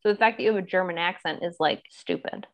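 A woman's voice: on the low side, fast talker. A woman co-hosting a casual film-chat podcast, talking loosely with lots of fillers and laughs. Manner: chatty, many fillers, laughs often. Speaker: podcast co-host.

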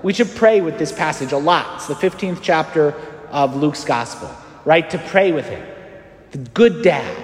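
Animated priest preaching in an echoey church. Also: male voice, fairly high pitch. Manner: animated, acts out quoted voices. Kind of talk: sermon.

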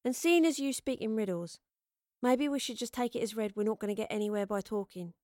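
A woman's voice: fairly high pitch, a little fast, a little mellow, dry recording, close to an everyday voice. Woman reading weary young woman traveler, blunt, grumpy, clipped, storybook, dry close sound.

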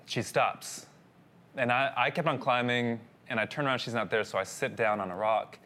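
A man's voice: medium pitch, a bit bright. A man telling a personal story in a sermon, talking casually and addressing his listeners as guys. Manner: conversational, addresses audience as guys. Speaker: pastor.

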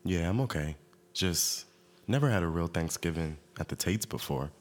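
A man acting out a troubled young man who slowly reads his own poem aloud. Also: low voice, expressive. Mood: earnest.

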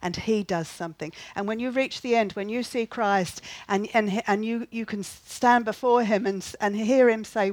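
An earnest woman preaching, her voice sitting a little high, stressing points by saying them twice and checking in with questions to her listeners. The sound is dry and close, with no room echo. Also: moderate pace. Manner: earnest, repeats key phrases, asks the listeners questions. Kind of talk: sermon.

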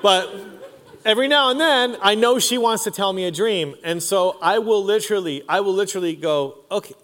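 A man's voice: high voice, moderate pace, fairly bright tone. A man in his forties preaching a sermon in a casual, slangy storytelling way, recorded in a church auditorium. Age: 40s. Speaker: pastor. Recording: long reverb of a large hall.

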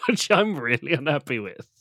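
A man's voice: fairly high pitch, big pitch swings, a little slow, pushed and bright, no echo, studio quality. A man co-hosting a comedy podcast, joking around and laughing. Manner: jokey, laughs a lot, sings silly songs. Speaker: podcast co-host. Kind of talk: casual comedy podcast banter.

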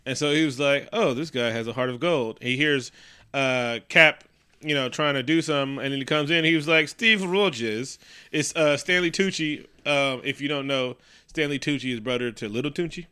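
Man, podcast co-host, very bright tone, smooth clear voice, profane, joking recap. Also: mid-range voice, moderate pace. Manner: profane, joking, acts out quotes. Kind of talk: casual movie recap chat.

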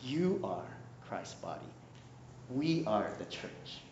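Speaking slowly in a fairly low voice, this male pastor gives a playful, conversational sermon, joking with his congregation and often asking "right?" The recording sounds dull and lo-fi, with the echo of a reverberant room.

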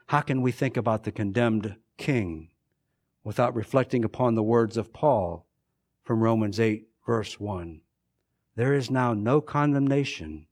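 A male pastor with a medium-pitched voice preaches a sermon, shifting between fervent, raised passages and hushed, quiet ones and repeating phrases for emphasis.

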